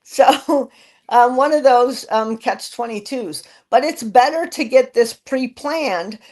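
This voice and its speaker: A woman guest expert on a video call, quick to laugh and talking in a hesitant way. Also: sits high, darkish tone. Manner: laughs easily, hesitant with fillers. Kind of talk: casual chat on a live video stream.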